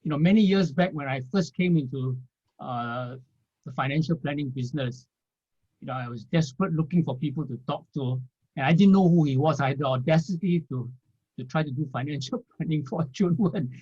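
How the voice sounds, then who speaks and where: Man, husky voice, slightly high pitch, rambling interview story, dull lo-fi audio. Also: fairly quick, a little mellow. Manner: rambling, with frequent "you know" and light laughs. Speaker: interviewee, former financial planner.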